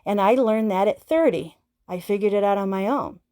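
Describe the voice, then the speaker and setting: A woman's voice: mid-range voice, moderate pace, mellow. A woman in her fifties giving an earnest live-stream talk on self-healing, speaking straight to her viewers. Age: 50s. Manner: earnest, repeats herself, speaks straight to the audience. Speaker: self-healing teacher and host.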